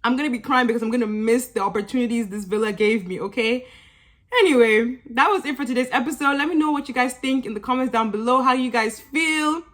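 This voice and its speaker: A young woman with a slightly high voice gives a casual recap of a reality TV finale. She talks to her viewers in a chatty, sassy way and keeps breaking into laughs. The delivery is loose and conversational, like an offhand vlog. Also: fast talker, a bit bright.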